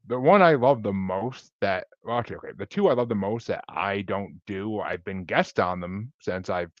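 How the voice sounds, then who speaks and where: A man's voice: fairly low pitch, moderate pace, dry recording, muffled recording. A man talking as a podcast guest in a laid-back, chatty, rambling way over a video call. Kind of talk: casual interview chat.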